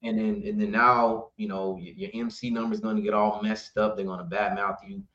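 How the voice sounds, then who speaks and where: A podcast guest who runs a trucking company tells animated stories in a casual interview, imitating the people involved and laughing a lot. His voice is on the low side and fairly quick, and the recording has a roomy, somewhat dull quality.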